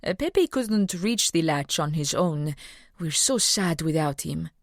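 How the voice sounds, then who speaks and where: A worried woman with a European accent stumbles through her words, full of little pauses, done by a woman narrating. The voice sits a touch low and slow. It is recorded dry and close. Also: animated, dry recording. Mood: worried, hesitant. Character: anxious woman with a foreign accent.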